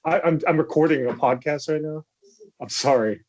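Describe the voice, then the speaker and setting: A man's voice: fairly high pitch, normal speed, darkish tone. A man hosting a casual podcast from home, leading with playful questions. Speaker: podcast host. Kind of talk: casual chat.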